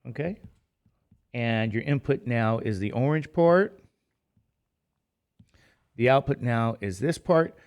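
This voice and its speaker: A man's voice: mid-range voice, slow pace, long pauses, a little mellow, smooth. A middle-aged man teaching math in a casual lecture, tired and rambling, with chatty self-deprecating asides. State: tired, sleepy.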